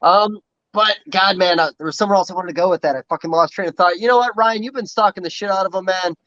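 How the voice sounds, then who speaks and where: A man hosts a casual podcast and rambles along with loose swearing. He talks fast in a high, bright voice. The sound is dull and muffled. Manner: rambling, profane. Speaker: podcast host. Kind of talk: casual chat.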